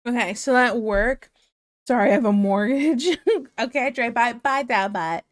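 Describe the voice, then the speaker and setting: Higher-voiced woman streaming while drawing, chatty, giggly, teasing. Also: measured pace. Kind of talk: casual chat while drawing.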